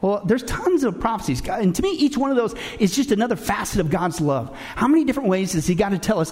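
High, lively folksy preacher man. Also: racing, few pauses. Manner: folksy joke-telling preacher, addresses the congregation as folks. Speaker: pastor. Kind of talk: sermon.

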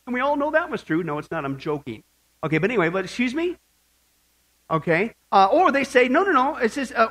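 A man's voice: high-pitched, sing-song, fairly quick, fairly bright tone, breathy edge. A man preaching a sermon, reading scripture and asking the audience questions, with jokes and emphatic asides. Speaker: pastor.

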